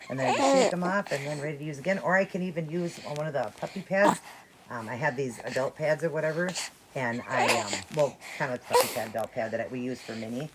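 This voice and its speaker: A woman's voice: deep voice, expressive, quick pace. A woman vlogger tending reborn dolls, cooing and soothing them in casual mother talk while explaining to viewers. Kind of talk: casual show-and-tell vlog. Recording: loud background crying noise. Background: recorded baby crying.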